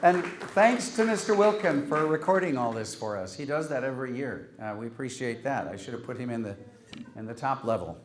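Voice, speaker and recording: Hosting an event, a man gives out joke awards in a humorous after-dinner speech, wryly teasing each recipient and reading Latin quotes aloud. His voice is medium-pitched with lively intonation, a touch fast, over slight hiss or hum.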